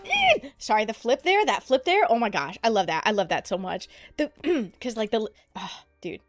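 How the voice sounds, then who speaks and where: A woman streaming casually as she reacts to a trailer, excitable and rambling, with frequent swearing. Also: a little high, normal speed, faint music behind.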